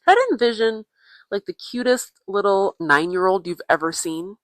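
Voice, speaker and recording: A woman's voice: medium pitch, moderate pace, no echo. Playful woman on a tiny clip-on mic. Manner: playful, jokey, mock-serious asides. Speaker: podcast co-host. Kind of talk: casual travel audio diary. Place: indoors at a relative's family home. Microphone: tiny clip-on influencer microphone.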